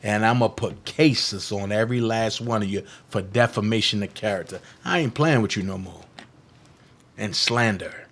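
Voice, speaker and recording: His fairly low voice moves at a moderate pace as he hosts a political livestream. The monologue is heated and defiant, taunting critics, repeating phrases for emphasis, and swinging from loud bursts to quiet asides.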